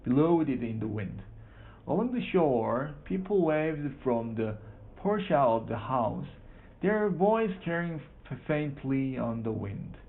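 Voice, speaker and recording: A man reading a children's book aloud for practice, halting, repeating and correcting words. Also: medium pitch, big pitch swings. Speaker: reader. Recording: tinny phone-like sound.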